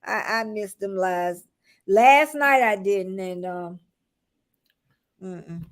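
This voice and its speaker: A woman's voice: mid-range voice, slow. A woman in her sixties with a Southern US accent, chatting casually and laughing easily as the host of a live stream. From Southern United States. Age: 60s. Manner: drawling, chatty, laughs often. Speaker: show host.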